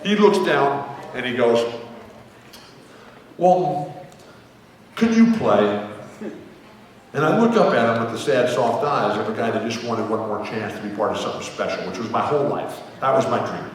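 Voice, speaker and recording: A man in his sixties, a guest author telling rambling, animated anecdotes to a live theater audience, acting out the people he quotes. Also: mid-range voice, a little fast, hardly any pauses, distant mic. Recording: echoey hall, mic heard from afar.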